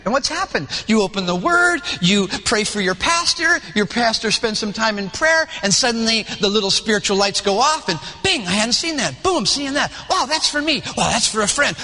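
A man preaches with a high, bright voice, acting out little scenes in different voices for his congregation. The sound carries the long echo of a church hall. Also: gravelly. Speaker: pastor. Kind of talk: sermon. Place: church sanctuary.

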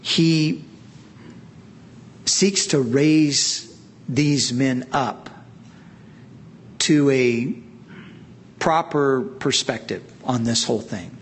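Slow, earnest male preacher. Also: medium pitch, slightly rough. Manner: earnest, emphatic preaching with slow drawn-out pauses. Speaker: pastor. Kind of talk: sermon.

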